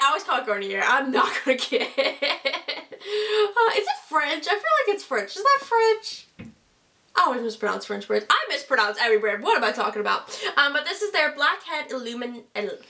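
A woman's voice: sits high, pushed and bright. A young woman doing a casual beauty product review at home, rambling off topic and laughing at herself as she stumbles over brand names. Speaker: beauty vlogger.

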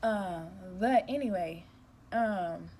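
A woman's voice: mid-range voice, slow pace, warm tone, a little hiss or hum. A young woman who works in customer care, talking from home in a direct, emphatic, venting way. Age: young adult. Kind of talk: casual rant to camera.

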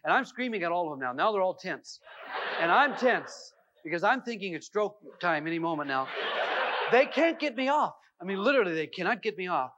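A middle-aged man with a high voice tells a funny anecdote as a seminar speaker, animated and full of fillers. The sound is dull and lo-fi, like an old 1990s videotape. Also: fairly quick, a little hiss or hum. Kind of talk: humorous storytelling talk.

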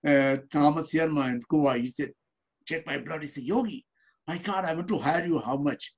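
Husky yogi preaching joy in simple English. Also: male voice, a little high, moderate pace. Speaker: yogi guest. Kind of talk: casual interview talk.

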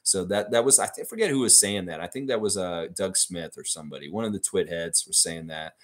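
A man's voice: deep voice, a little fast. A man hosting a fan livestream in a casual, rambling way, reading out viewer comments and laughing readily. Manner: chatty and excitable, laughs readily, rambling asides.

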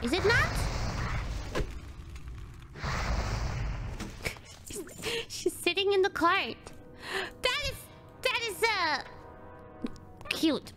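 A woman streamer with a very high voice that leaps up and down as she chats through a game. She talks unhurriedly, laughs a lot and swears casually. Game music plays behind her. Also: sing-song, very slow, long pauses. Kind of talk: gaming livestream commentary.

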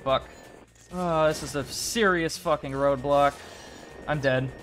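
A young man with a slightly high voice runs through a game while he talks, coaxing the characters on screen and swearing under his breath. Game music plays softly behind him. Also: slow. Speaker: gaming YouTuber. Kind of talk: casual gameplay commentary.

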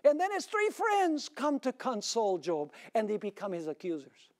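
A male pastor delivering a sermon, asking rhetorical questions and swinging suddenly between loud, high emphasis and quiet lows. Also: huge pitch swings, normal speed.

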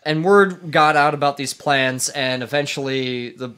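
A man co-hosts a laid-back podcast and tells history in a loose, rambling way. He talks at an ordinary middle pitch, with plenty of fillers and restarts. He laughs easily as the story goes on. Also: measured pace, a bit bright. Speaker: podcast co-host leading the history topic. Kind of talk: casual podcast chat. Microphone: studio microphone.

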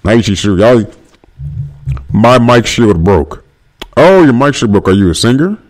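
A young man from Northern California talks straight into his phone for a casual livestream. His voice is one his viewers single out, and he keeps the chat light and joking, firing off shout-outs one after another. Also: mid-range voice, lively intonation, measured pace. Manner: loose and jokey, rattling off shout-outs. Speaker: livestream host. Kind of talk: casual livestream chat reading comments aloud.

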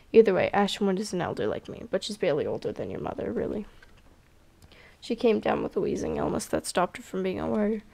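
Woman doing a mild old elder cat, hushed and slow, a little gravelly. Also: medium pitch. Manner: soft-spoken, slow storyteller.

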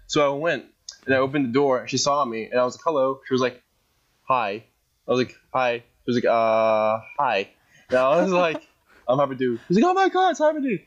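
A man co-hosting a podcast in casual chat, excitable and rambling, with lots of "like". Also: medium pitch, dull audio. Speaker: podcast co-host.

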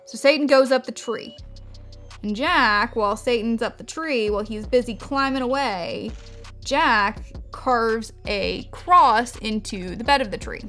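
A woman's voice: on the high side, unhurried, a bit bright, soft background music. A woman vlogger casually telling a story while doing her makeup, rambling into tangents, cutting herself off and swearing freely. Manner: rambling, chatty, self-interrupting, swears freely. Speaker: beauty vlogger.

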